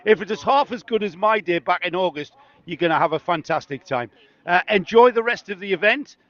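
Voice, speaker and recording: This roving interviewer at a racetrack is a middle-aged northeast Englishman with a matching accent, speaking in a high, slightly bright voice, fairly quickly and with lively intonation. He chats, teases, and jokes with people outdoors into a handheld mic, captured in dull lo-fi sound.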